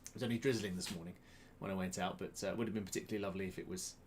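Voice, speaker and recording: A man's voice: low voice, steady tone, racing. Man, quiz host, casual live-stream chat, webcam close up, faint hiss behind. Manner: chatty, self-mocking, greets viewers by name. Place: home room, indoors. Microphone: webcam close to the face.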